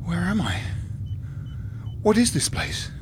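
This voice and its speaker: A man playing a terrified human abducted by aliens, pleading in a panicky, shrill way. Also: big pitch swings, takes it slowly, background noise, heavily acted. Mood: panicked.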